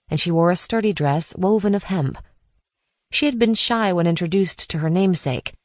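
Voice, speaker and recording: A woman narrating a post-apocalyptic audiobook in a measured, even reading. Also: on the low side, dry recording. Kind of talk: scripted narration.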